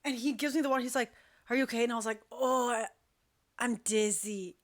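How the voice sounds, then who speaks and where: A young woman hosting a talk show, telling a long story in a chatty, animated way and acting out what people said. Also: a little high, brisk. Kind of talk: casual storytelling.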